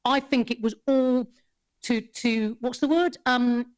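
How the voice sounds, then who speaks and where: A woman, a podcast guest who tells a story in casual chat, animated, swearing freely and laughing often. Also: a little high, slow, clean tone.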